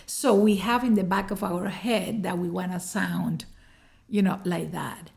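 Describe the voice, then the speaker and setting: A woman's voice: lowish voice, fairly even intonation, a little slow, creaky, a little mellow. A woman from Venezuela with a Venezuelan Spanish accent, a guest on a podcast who talks earnestly in short, restarting fragments. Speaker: podcast guest, educator and business owner. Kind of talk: casual interview conversation.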